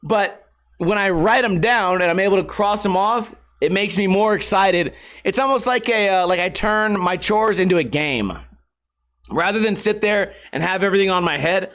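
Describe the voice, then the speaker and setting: High-voiced man, rambling and profane. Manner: rambling, profane, animated storytelling. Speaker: podcast host. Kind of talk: casual solo podcast monologue.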